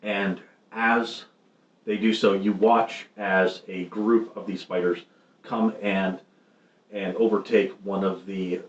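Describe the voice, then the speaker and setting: A man narrating as game master of a tabletop game, halting with many ums and restarts. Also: lowish voice, level tone. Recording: roomy, muffled stream audio with faint noise.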